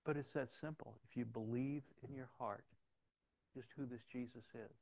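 A middle-aged man preaching a conversational sermon as pastor, swinging between loud storytelling and hushed asides, with frequent restarts. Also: mid-range voice, steady tone, moderate pace, gravelly, no room sound.

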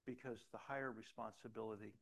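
A man's voice: on the low side, fairly even intonation, quick pace, vocal fry, a bit bright. A middle-aged man preaching a sermon, telling personal stories with many restarts and rising to emphatic calls to the congregation. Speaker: pastor.

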